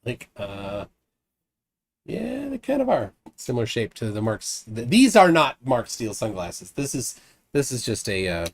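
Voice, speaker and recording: A man's voice: medium pitch, huge pitch swings, measured pace. A married man hosting a live stream, chatting casually and reading out viewers' comments, with many restarts and fillers. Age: adult, married. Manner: rambling with frequent restarts and fillers.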